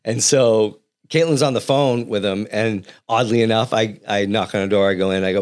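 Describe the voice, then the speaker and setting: A man's voice: fairly low pitch, fairly even intonation, normal speed. A man in his forties with a Boston accent co-hosting a casual podcast, rambling with many fillers and restarts and telling stories playfully. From Boston area. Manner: playful storyteller. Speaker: podcast co-host.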